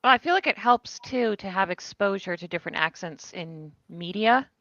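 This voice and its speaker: A woman's voice: mid-range voice, expressive, normal speed, fairly bright tone, no echo, muffled recording. A woman chatting easily in a group video call and laughing often.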